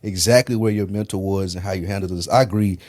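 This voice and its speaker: A man's voice: deep voice, steady tone, fast talker, a little mellow. A man co-hosting a podcast, chiming in with short agreements and laid-back, profane comments on a TV show. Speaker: podcast co-host. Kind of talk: casual TV review chat.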